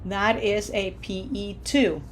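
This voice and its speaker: A woman teaches Spanish word stress at a deliberately unhurried pace. She draws each example word out slowly and coaches the learner with short asides between drills. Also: medium pitch, fairly even intonation. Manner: slow, drawn-out modeling of Spanish words with coaching asides. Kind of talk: language lesson.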